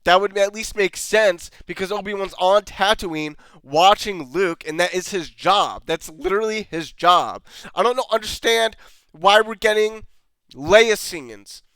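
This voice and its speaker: A man's voice: high-pitched, animated, measured pace, fairly bright tone, smooth, no room sound. A man ranting sarcastically in a show review, exasperated and swearing often. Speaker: video reviewer.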